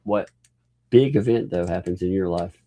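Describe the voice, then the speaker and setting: A man's voice: deep voice, normal speed, crowd noise. A father hosting a casual livestream, playfully joking and laughing while he talks with his young daughter. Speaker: livestream host.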